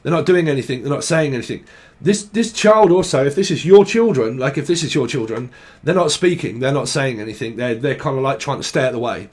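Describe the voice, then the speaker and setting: A man's voice: mid-range voice, expressive, fast talker, darkish tone, husky. A young man giving a casual tarot reading, rambling and swearing as he thinks aloud. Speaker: tarot reader.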